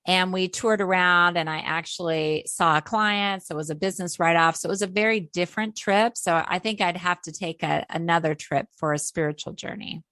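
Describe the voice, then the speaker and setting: A woman hosting a podcast interview, warmly affirming her guest and asking eager follow-up questions. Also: lowish voice, steady tone, normal speed, few pauses, smooth, no room sound. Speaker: podcast host.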